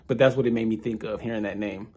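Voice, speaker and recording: A man's voice: on the low side, fairly even intonation, quick pace, a little mellow, husky. A young man casually recapping an audio drama episode, rambling and thinking aloud with many restarts. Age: young adult. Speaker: podcast reviewer.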